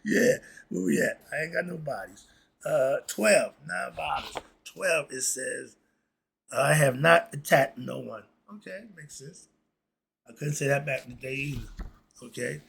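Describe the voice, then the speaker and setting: A man's voice: on the high side, measured pace, vocal fry, fairly bright tone, a little hiss or hum. A man casually reading a list of moral principles and commenting in a laid-back, chuckling way, with loose slang. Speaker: host.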